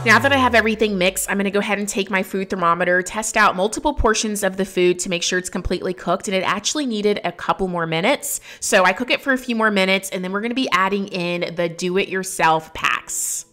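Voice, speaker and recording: An upbeat young woman narrating a casual vlog at a medium pitch. She sounds enthusiastic and friendly. Soft music plays quietly underneath her voice. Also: fast talker, hardly any pauses. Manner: upbeat, enthusiastic, high sing-song baby talk to her dogs. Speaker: vlogger.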